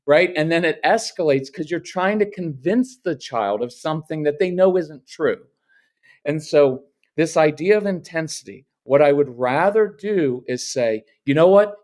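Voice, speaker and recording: A man's voice: fairly high pitch, expressive, moderate pace, darkish tone. A man who is a guest parenting coach, giving advice and animatedly acting out parent and child voices in his examples. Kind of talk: casual interview advice.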